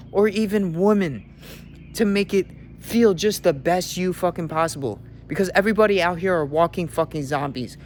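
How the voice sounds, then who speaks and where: A man's voice: fairly high pitch, a little hiss or hum. A young man, a fitness coach, giving a brash, profane motivational rant from his car.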